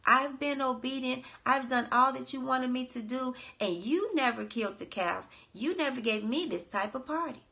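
Brief: resentful older brother, put on by a woman, aggrieved and raised high, loud and complaining. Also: normal speed, gravelly, few pauses, heavily acted. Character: resentful older brother, young man, self-righteous.

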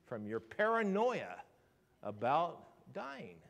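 A man preaching a sermon in a church. He swings from hushed to loud and leans on rhetorical questions and repetition. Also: a little high, lively intonation, measured pace. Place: church sanctuary.

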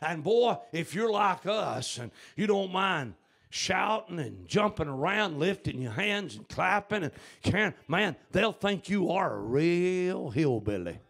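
A man preaches a revival sermon from the pulpit, high-pitched and gravelly. He drives each point home with fiery emphasis and breaks into shouts. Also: very animated, measured pace. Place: church service.

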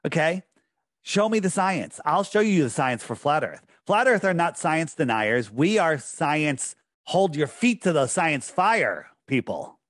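A man talking on a podcast in a slightly high voice, pressing his points hard and circling back to them again and again. The sound is dry and close, with no room around it. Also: very animated, a little slow, fairly bright tone, no room sound. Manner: insistent, emphatic, repeats himself. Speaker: podcast guest. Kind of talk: casual podcast chat.

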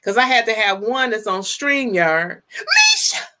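A woman in her fifties hosting a casual live stream, greeting viewers with exuberant shouts and drawn-out, playful calls. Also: medium pitch, background noise. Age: 50s. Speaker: livestream host.

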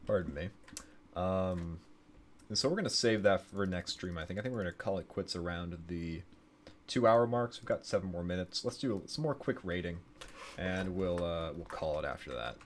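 Man, very deep voice, streamer, reads game story text aloud, stumbles and self-corrects. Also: animated, normal speed, slight background noise.

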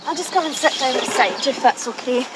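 An actress playing a brisk, procedural police officer taking down details. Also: female voice, sits high, expressive, background noise.

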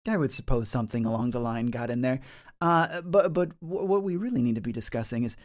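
A man voicing a cloaked forest warden who haggles smoothly and lectures pedantically about his dog. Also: medium pitch, animated, fairly quick, lightly acted. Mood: smug haggling. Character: cloaked male forest warden with a mastiff, smug.

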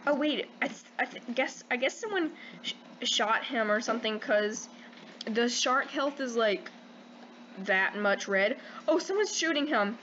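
Excitable high-voiced young female gamer. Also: unhurried, muffled recording, a little hiss or hum. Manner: excitable, squealing when panicked, many "like" fillers. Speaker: gaming channel host. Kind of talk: casual gameplay commentary.

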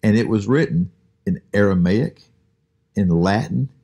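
A man with a very low, dark and husky voice leads a daily Bible study podcast. He talks through the passage in a relaxed, conversational way. He pauses often with small fillers as he explains. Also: lo-fi sound. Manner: relaxed, unhurried, with frequent "uh" pauses.

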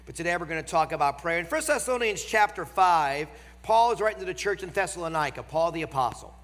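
A man with a nasal voice and a Northern American accent, preaching a sermon with emphasis, slowing down for key phrases. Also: fairly high pitch, expressive, fairly bright tone. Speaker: guest preacher. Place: large church auditorium. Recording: long hall reverb.

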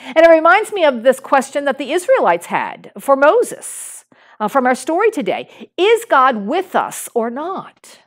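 With big pitch swings and a slightly slow pace, a middle-aged woman pastor preaches informally, using fillers and restarting often. She adopts a higher voice to act out a small boy in her story.

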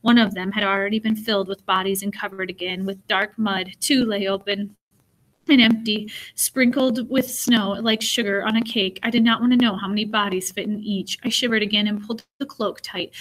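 A woman narrating an audiobook in the first person, with an even storytelling manner and small slips. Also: mid-range voice, normal speed, low-quality recording.

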